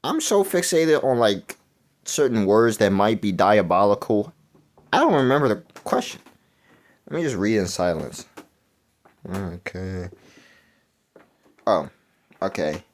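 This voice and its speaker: A young man talking through a video game quiz in casual, rambling commentary, mumbling and then jumping into excited outbursts. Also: lowish voice, unhurried, pauses often. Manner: rambling, self-correcting, swings between mumbling and excited outbursts. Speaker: gaming YouTuber.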